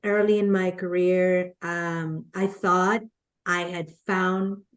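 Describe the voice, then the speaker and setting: A Latina woman who is a guest on a podcast, telling stories from her career in an animated way and acting out the quotes. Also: lowish voice, slow pace. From Latin America. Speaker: guest, network marketer. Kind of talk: conversational storytelling.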